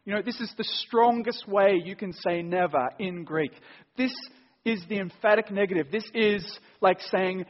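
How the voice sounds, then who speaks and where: A man's voice: sits high, normal speed. A man preaching a sermon, reading scripture aloud and driving home points with emphatic bursts. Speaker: pastor. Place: church hall. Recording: dull sound in a long-echo church hall.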